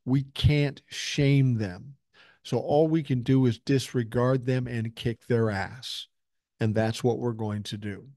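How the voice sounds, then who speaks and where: A man's voice: medium pitch, steady tone, slow, warm tone, no echo, clean studio sound. Blunt, profane older man podcaster. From Minnesota, USA. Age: 60s. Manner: blunt and profane, reads listener emails and news aloud. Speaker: podcast host. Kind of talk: casual political commentary.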